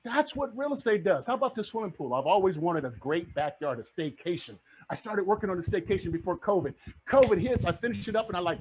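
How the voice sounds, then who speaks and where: A middle-aged man teaching to camera as a coach, energetic and rallying, firing questions at his audience. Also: high voice, brisk, slight background noise. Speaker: real estate coach. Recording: dull lo-fi recording.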